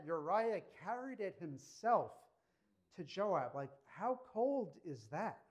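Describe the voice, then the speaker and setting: A male pastor preaching a sermon, retelling a Bible story and acting out the characters' lines. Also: high-pitched. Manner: storytelling, acts out quoted characters.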